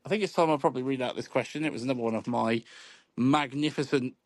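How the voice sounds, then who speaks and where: A man's voice: mid-range voice, fast, no room sound. A man hosting a football podcast, laid-back and chuckling, with lots of ums. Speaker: podcast host. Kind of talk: casual chat.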